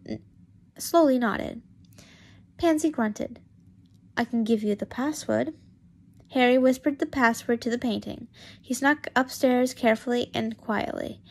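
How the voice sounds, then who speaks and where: Halting young woman reading fanfiction aloud. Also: a little high. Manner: halting, stumbles and restarts often. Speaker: fanfiction reader.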